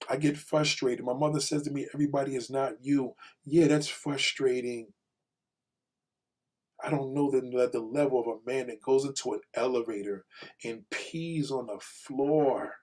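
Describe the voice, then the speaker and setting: A man's voice: medium pitch, fairly even intonation, normal speed, a little mellow. A man speaking an emotional prayer aloud, pleading and desperate, often repeating his requests.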